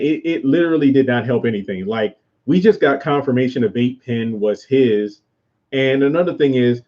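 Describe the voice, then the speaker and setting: Mellow-voiced man chatting casually on stream. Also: medium pitch, highs cut off. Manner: rambling, answers viewers' comments aloud. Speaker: YouTube host reviewing a TV show. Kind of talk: casual livestream chat.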